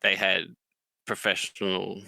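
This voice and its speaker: A man casually telling stories with lots of swearing, now and then acting out quotes in a loud, high voice. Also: completely flat delivery, slow, gravelly, dry recording. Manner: swears a lot, acts out quotes in a loud high drill-sergeant voice. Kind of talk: casual chat.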